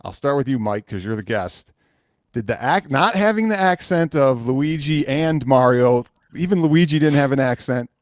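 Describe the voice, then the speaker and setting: A man hosting a casual movie review chat, talking in an animated, emphatic way and often repeating himself. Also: medium pitch, moderate pace, no echo, studio quality. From Italian heritage. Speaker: host.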